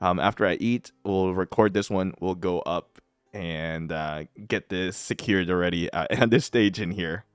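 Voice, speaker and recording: A man's voice: low voice, unhurried, clean tone, dry recording, studio quality. Chatty man who laughs a lot. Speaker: mobile game streamer. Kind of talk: casual gameplay commentary.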